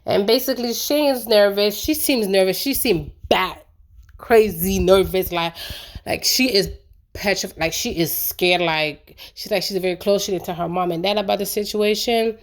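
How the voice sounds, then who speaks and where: A woman talks through a reality show recap in a loose, chatty way, tossing in fillers and her own blunt opinions. Her voice sits at an ordinary middle pitch for a woman. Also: normal speed. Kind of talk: casual recap chat.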